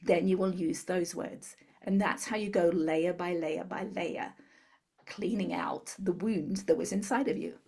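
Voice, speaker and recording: A woman guest in an interview, calmly explaining a tapping technique step by step. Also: on the low side, a little slow, creaky, breathy edge. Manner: calm step-by-step instructor. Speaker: guest, tapping therapy practitioner.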